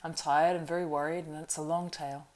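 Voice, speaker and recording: A woman's voice: low voice, little pitch movement, quick pace, a little mellow, lightly acted. A woman voicing a tired, worried young male hobbit who speaks politely and earnestly.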